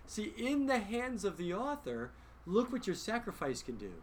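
A man leading a film discussion in a lively, emphatic teaching style, often asking his listeners rhetorical questions. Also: high voice, moderate pace, a little hiss or hum. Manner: emphatic, conversational.

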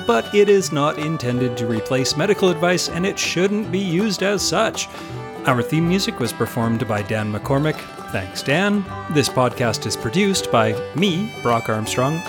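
A man from Vancouver Island, the podcast's producer, reading a friendly scripted outro. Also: fairly high pitch. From Vancouver Island, Canada. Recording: voice over guitar music.

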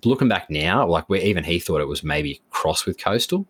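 A man's voice: deep voice, normal speed, a little hiss or hum. An Australian man co-hosting a podcast, telling a long story in casual chat with lots of acted-out dialogue. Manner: rambling, animated retelling with quoted dialogue. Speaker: podcast co-host.

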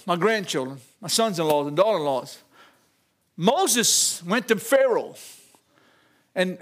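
An older man preaching a folksy sermon, chuckling often and calling out to the congregation. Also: high voice.

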